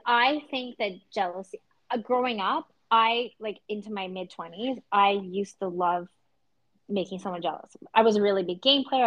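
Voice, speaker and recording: A woman from Canada in her thirties co-hosts a relaxed podcast chat. She rambles with plenty of fillers at an ordinary middle pitch. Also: rough recording. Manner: chatty, many fillers. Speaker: podcast co-host. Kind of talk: casual chat.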